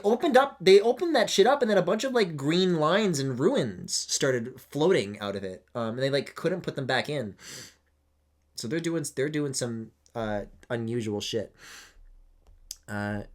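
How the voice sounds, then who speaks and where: Rambling, animated male streamer. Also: a little high, unhurried. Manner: rambling, swearing, sudden excited squeals. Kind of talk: casual live-stream commentary. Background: game music.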